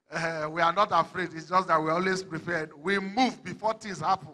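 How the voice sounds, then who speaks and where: A man with a Nigerian accent, a comedian and MC performing stand-up at a live event, telling animated stories and acting out characters with sudden shouts. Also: sits high, normal speed, very noisy. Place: large indoor event hall. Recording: long reverb of a large event hall.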